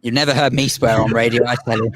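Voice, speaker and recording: A man's voice: mid-range voice, fairly even intonation, quick pace, fairly bright tone. A man co-hosting a radio show who answers his partner with dry, wry quips. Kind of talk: casual chat radio show.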